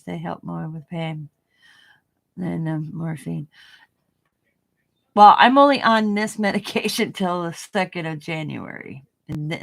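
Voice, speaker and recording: A woman with a fairly low voice and vocal fry makes casual conversation while crafting for her channel. She rambles on, giggles frequently, says things more than once, and stutters slightly.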